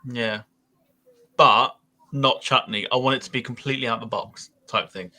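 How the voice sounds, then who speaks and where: A man's voice: medium pitch, moderate pace, sharp tone. A man hosting a casual podcast chat, rambling a little with fillers as he goes. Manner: rambling, with frequent fillers and laughs. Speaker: podcast host.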